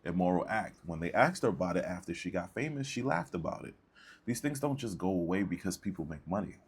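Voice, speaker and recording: A man with a very low, husky voice holds forth in a lecturing tone. He comments casually on a debate and keeps checking in with the listener between points. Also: lively intonation, fast talker. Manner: lecturing, preachy, repeats "right?". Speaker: commentator reacting to a debate clip.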